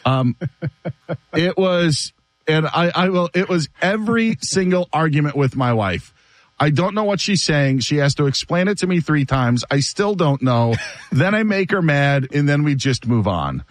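A man hosting a sports radio show, telling stories in a casual, animated way and laughing often. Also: on the high side, a little slow, dry recording.

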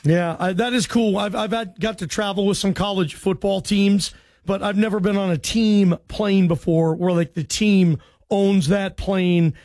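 High-voiced, chatty sports radio host. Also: male voice, steady tone, a little mellow, no echo. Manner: friendly, chatty, quick to thank callers. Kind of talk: radio call-in show hosting. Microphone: studio microphone.

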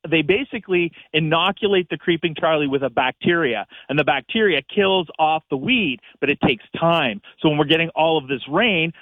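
A man's voice: fairly high pitch, no echo. A man giving practical, step-by-step gardening advice as a guest on a call-in radio show, heard over a phone line. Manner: practical, upbeat, explains step by step.

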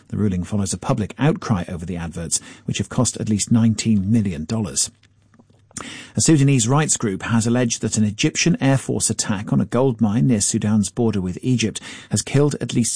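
A man reading a formal news bulletin in a measured, even newsreader delivery. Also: lowish voice, husky, dry recording, studio quality.

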